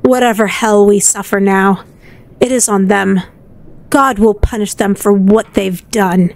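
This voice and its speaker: A woman's voice: medium pitch, fairly even intonation, a little slow, darkish tone, close to an everyday voice. A woman voicing a male French soldier, reading his grim diary notes aloud in a put-on French accent. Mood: bitter solemn.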